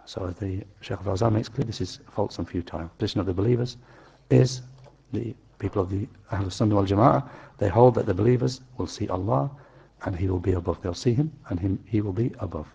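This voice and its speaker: A man with a low, gravelly voice and a husky edge teaches a religious lesson. He explains point by point, slowing down and repeating key phrases so they sink in. He speaks to a class in a lecture room. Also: mellow, muffled recording.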